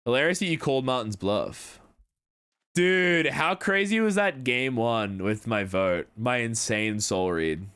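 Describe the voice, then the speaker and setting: Casting note: young man for livestream chatter, lively and expressive delivery, rambling and casual, answers chat. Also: mid-range voice, a little slow, smooth. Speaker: streamer.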